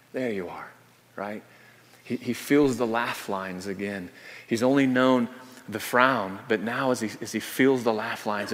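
A man preaching a sermon in an easy, conversational way. He often repeats himself, adds tag questions, and goes quiet and hushed when he quotes prayers. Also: mid-range voice. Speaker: pastor. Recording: hall reverb.

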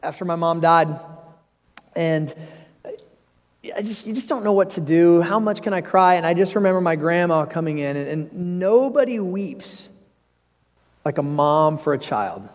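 A pastor, preaching a sermon with earnest, personal storytelling and emphatic rises. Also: male voice, on the high side, animated, unhurried, pauses often. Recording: long hall reverb.

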